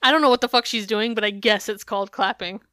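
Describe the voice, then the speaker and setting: A woman co-hosting a podcast in casual chat, animated and swearing freely. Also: mid-range voice, fairly quick, dry recording. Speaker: podcast co-host.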